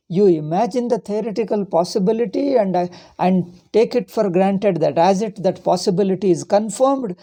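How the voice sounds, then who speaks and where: Indian swami lecturing, super mellow dark voice, repeats stuff for emphasis. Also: male voice, high voice, moderate pace. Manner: emphatic, repeats phrases, asks rhetorical questions. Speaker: swami teacher. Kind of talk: Vedanta lecture.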